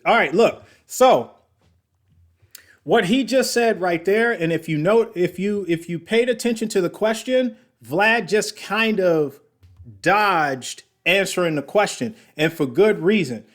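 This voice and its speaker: Chatty man with a higher voice. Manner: chatty, explains things to viewers with frequent "right?". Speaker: podcast host. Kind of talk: casual commentary on an earnings call.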